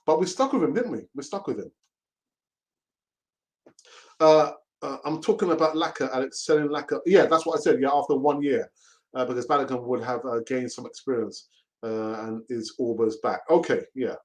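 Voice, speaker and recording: A man's voice: medium pitch, moderate pace, a little mellow. A man hosting a casual live stream, reading chat messages aloud, laughing and mockingly acting out pleading voices. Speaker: host of a fan channel reading live chat.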